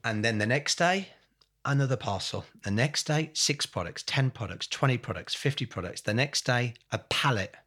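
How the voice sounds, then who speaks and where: A man's voice: mid-range voice, lively intonation, moderate pace, fairly bright tone, slightly rough. A man being interviewed, telling a story with passion, building to angry emphasis, swearing bluntly, repeating phrases and calling the host mate. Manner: speaks in lists and repeated phrases, says mate often. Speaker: podcast guest.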